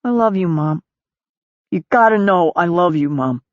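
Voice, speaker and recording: A woman's voice: lowish voice, lively intonation, normal speed, dry recording, lightly acted. A woman narrator voicing an ashamed young adult son who pleads with a choked-up voice, on a dull lo-fi recording. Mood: pleading.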